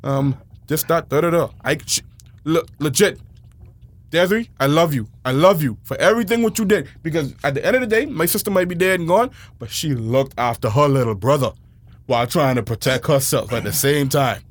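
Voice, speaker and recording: A man telling a wild childhood story in a slangy, excitable way, shouting at the big moments. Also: a little high, fairly quick. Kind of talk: animated casual storytelling.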